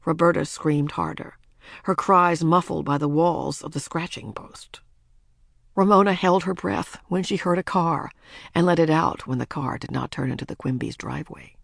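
A woman narrating a children's storybook in a lively, expressive way. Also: sits low, normal speed, vocal fry, no echo, studio quality. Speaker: audiobook narrator.

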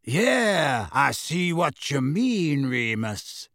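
A man voicing a calm male wizard with a deep, slow, measured voice in an audiobook reading. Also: dry recording, studio quality, full character voice.

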